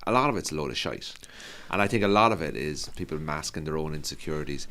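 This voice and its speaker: A man's voice: a bass voice, animated, fast talker, pushed and bright. A man hosting a podcast, chatting casually and bluntly, swearing freely and mocking hype. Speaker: podcast host. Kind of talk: casual chat.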